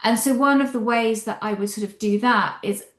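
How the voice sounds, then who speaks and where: Animated woman novelist in a roomy echo. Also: a little high, normal speed. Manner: animated, expressive, thinks aloud with hedges. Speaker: novelist discussing her book. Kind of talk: interview answers.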